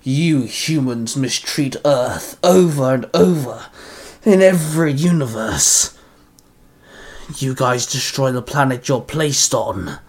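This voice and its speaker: A man's voice: medium pitch, a little slow, natural voice. A man voicing a scornful villain who growls his threats, bent on wiping out humanity. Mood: menacing.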